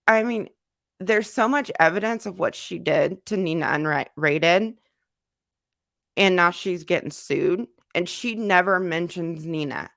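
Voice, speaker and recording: A congested woman hosting an easygoing livestream reads chat comments aloud in a loose, repetitive style with many fillers. Her voice sits low, with vocal fry and a slightly bright tone, in a dry, clean studio recording.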